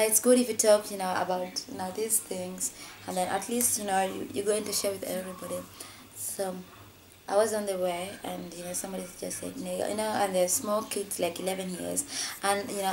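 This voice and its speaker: A woman from Africa telling a personal story in a vlog, saying "you know" constantly and jumping high in pitch when she quotes others. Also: darkish tone, slight background noise. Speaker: vlogger.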